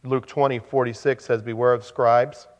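A man's voice: mid-range voice, flat delivery, moderate pace, long reverb tail. A man preaching a sermon as pastor, in a conversational manner with joking asides.

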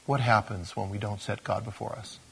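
A man's voice: on the low side, little pitch movement, a little fast, gravelly, breathy edge. A man preaching a sermon in a conversational, self-deprecating way, talking to his congregation like friends. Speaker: pastor.

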